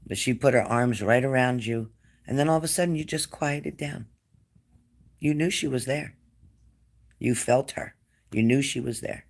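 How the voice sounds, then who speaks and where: Man, spirit medium, coaxing, repeats himself, mid-pitched voice. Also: moderate pace, gravelly, long pauses. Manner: repeats phrases, gentle and coaxing. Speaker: spirit medium giving a reading. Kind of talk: reassuring psychic reading to a client.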